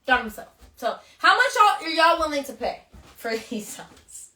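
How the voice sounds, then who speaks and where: An emotional woman chats casually on a phone livestream, gushing through her shout-outs. Her voice is bright and forceful, and it sounds distant in a roomy, echoing space. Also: high-pitched, sing-song, normal speed. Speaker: reality show contestant hosting a livestream.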